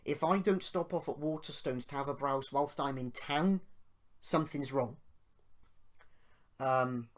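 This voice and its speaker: A man's voice: fairly high pitch, unhurried, long pauses. A British man hosting a podcast, rambling through a personal story with tangents and growing indignant as he retells it. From United Kingdom. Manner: grows loud and indignant while retelling. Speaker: podcast host.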